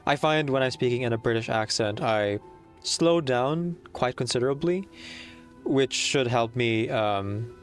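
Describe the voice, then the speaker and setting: A man's voice: mid-range voice, animated, unhurried, soft background music. A man streaming a game, chatting casually and rambling with many fillers.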